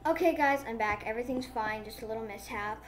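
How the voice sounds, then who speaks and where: A woman giving excited, casual commentary on her game, gushing and babbling breathlessly into a phone mic. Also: fairly high pitch, fast talker. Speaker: gaming vlogger.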